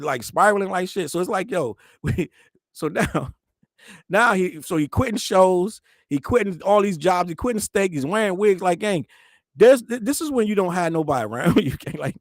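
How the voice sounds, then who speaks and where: A man's voice: high-pitched, no echo, clean studio sound. A man hosting a casual commentary show, ranting profanely and acting out the people he talks about. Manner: profane, animated, acts out quoted voices. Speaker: podcast host.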